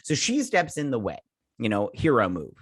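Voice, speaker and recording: A man's voice: medium pitch, wildly swooping pitch, normal speed, breathy edge, dry recording. Guy host rambling thru an episode recap, mock-outraged jokes, dead dry sound. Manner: rambling, jokey, with mock-indignant asides. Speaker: show host reviewing a TV episode. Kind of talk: casual recap and review.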